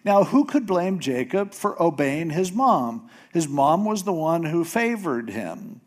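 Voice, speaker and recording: Animated storytelling preacher, a man. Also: on the high side, unhurried. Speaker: pastor. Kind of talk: sermon.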